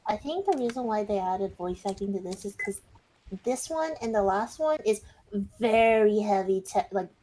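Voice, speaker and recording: A woman's voice: mid-range voice, lively intonation, normal speed, background noise. A woman streamer chatting casually and giggling while playing a game.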